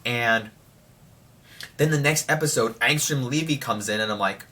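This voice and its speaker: A young man rambling excitedly through a casual spoiler review of a TV show. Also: mid-range voice, moderate pace.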